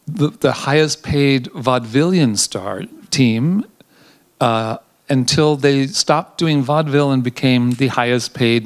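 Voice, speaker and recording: A man, a theater director, giving a behind-the-scenes interview, telling history in an animated, chatty way with frequent ums. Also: medium pitch.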